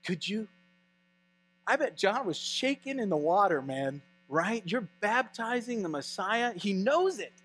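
A male pastor preaching a sermon in an animated, conversational way. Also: high-pitched, measured pace, soft background music.

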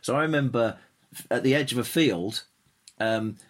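A man swapping old festival stories in relaxed podcast chat. He stumbles and restarts often as he rambles along. His voice sits at an average pitch. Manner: rambling, halting storyteller with many restarts. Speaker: podcast co-host. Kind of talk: casual chat.

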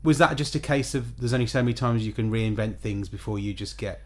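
A man's voice: mid-range voice, fairly quick. A man hosting a podcast, asking long, rambling questions in a casual interview. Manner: rambling, thinks aloud while framing questions. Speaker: podcast host.

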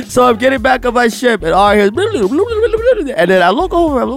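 A man's voice: extremely high pitch, big pitch swings, brisk, gravelly, few pauses, faint music behind. A man casually telling a rambling, profane story to a friend and laughing through much of it. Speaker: storyteller recounting a game session. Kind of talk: casual chat.

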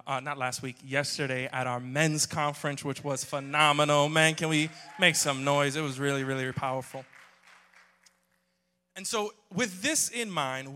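Bright-voiced joking preacher in a hall. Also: male voice, medium pitch. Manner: joking, storytelling, audience banter. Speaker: pastor. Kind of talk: humorous sermon. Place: church hall. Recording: long hall reverb.

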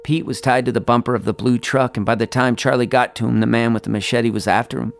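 A man reading his own short story aloud in a quiet, plain, unhurried manner, spoken-word style. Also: mid-range voice, steady tone, gravelly.

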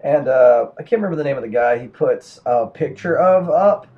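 A man's voice: medium pitch, animated, a little fast, narrow, tinny audio. A man co-hosting a podcast, rambling and sardonic as he reads and mocks the news, often tripping over his words. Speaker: podcast co-host. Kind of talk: casual chat and news commentary.

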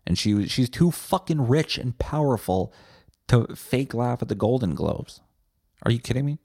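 A man's voice: medium pitch, expressive, normal speed, dark tone, dry recording, studio quality. A man hosting a solo podcast, ranting bluntly and sarcastically with plenty of swearing. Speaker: podcast host.

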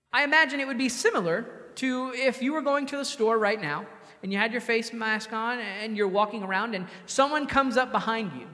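A man preaches in an easy, conversational way, now and then slipping into the voices of the people he quotes. His voice sits high for a man. It rings out with the long reverb of a big hall. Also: sharp tone. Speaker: pastor. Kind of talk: sermon.

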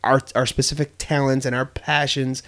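On a podcast, an earnest young male co-host talks casually and reflectively, full of fillers and restarts. His mid-range voice is a bit bright, with a level tone and normal speed.

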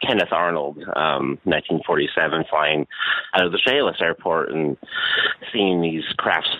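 A man being interviewed as a guest about his paranormal show, answering thoughtfully and pausing often with "um" and "uh". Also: very deep voice, no room sound. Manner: thoughtful, halting with many "um" and "uh". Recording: tinny phone-like remote line.

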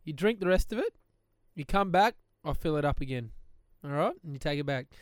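A man's voice: fairly high pitch, animated, brisk, no echo, clean studio sound. A young adult man telling a story on a podcast, laughing often and acting out the voices he quotes. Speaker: podcast co-host. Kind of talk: casual storytelling chat.

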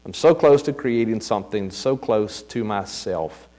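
A man voicing the Lord as a proud, eager creator in a read-aloud story, listing details with excitement. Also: fairly low pitch, measured pace, close to an everyday voice. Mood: tender.

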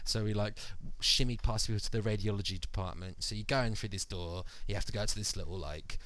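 A man's voice: fairly low pitch, steady tone, quick pace, pushed and bright. A man hosting a podcast, telling a long story casually with many fillers and acted-out quotes. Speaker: podcast host. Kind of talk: casual chat.

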